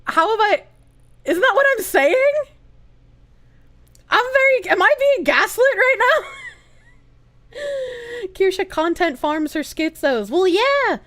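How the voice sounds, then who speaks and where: A high-pitched woman streaming live, chatting casually with her viewers and reading their comments out loud. She swoops all over her range, breaks into giggles and swears freely. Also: takes it slowly, pauses often. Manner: animated, giggly, swears freely, reads chat aloud.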